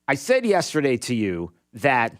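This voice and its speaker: A man's voice: medium pitch, huge pitch swings, unhurried, dry recording, clean studio sound. A man hosting a talk radio show, giving an opinionated monologue in a sarcastic way and bantering with his producer.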